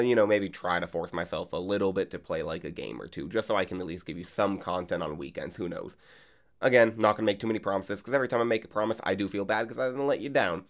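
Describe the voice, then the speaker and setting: A man hosting a card game channel, chatting casually and rambling with lots of fillers. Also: deep voice. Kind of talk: casual gameplay vlog and commentary. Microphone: desk mic while recording gameplay.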